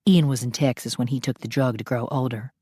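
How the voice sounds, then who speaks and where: A woman voicing a hushed, earnest confidante. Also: a bass voice, moderate pace, breathy edge, no echo, studio quality. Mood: confiding.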